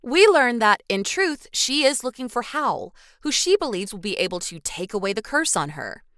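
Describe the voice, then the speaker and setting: A woman's voice: on the high side, very animated, normal speed, fairly bright tone, no room sound. A woman co-hosting a podcast, reading a film recap with dry little asides. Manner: scripted recap broken by dry quips. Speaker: podcast co-host.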